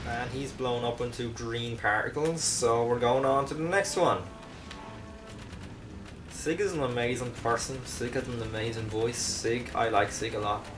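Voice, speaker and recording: A man's voice: mid-range voice, steady tone, normal speed, music in the background. Rambling, joking man gaming, mic far off. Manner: rambling, self-mocking, jokey asides. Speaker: let's play commentator. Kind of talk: casual gameplay commentary.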